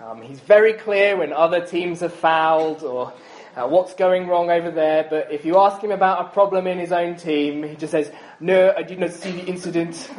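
A man's voice: a little high, rough recording. A man in his thirties preaching a sermon in a chatty, self-deprecating way, with frequent ums and asides.

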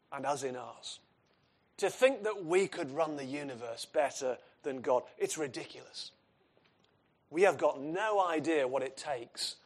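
A man preaching an expository sermon, earnest and emphatic, asking his listeners questions. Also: on the high side.

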